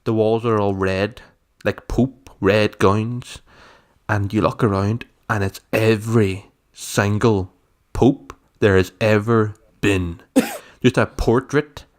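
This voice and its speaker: A young man co-hosting a podcast, joking and laughing easily in casual chat. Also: fairly low pitch. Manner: laughs easily, dry asides. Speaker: podcast co-host.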